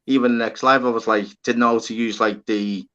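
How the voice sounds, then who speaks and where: A man's voice: medium pitch, steady tone, brisk, lo-fi sound, a crowd in the background. A man hosting a live stream panel. He tells stories in a casual, sweary way and acts out both sides of each conversation, talking into his phone. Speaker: livestream host. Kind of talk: casual storytelling chat.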